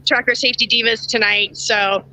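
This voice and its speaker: A woman hosting a casual livestream talk show, emotional and quick to laugh, sometimes choked up. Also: sits high, bright, forceful tone, rough recording. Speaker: show host.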